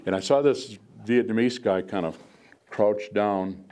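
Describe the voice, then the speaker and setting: Storytelling for an audience, this veteran guest speaker, an American man in his seventies, has a voice on the low side with a darkish tone and a slightly slow pace. His talk wanders, with lots of fillers and restarted sentences, against faint background noise.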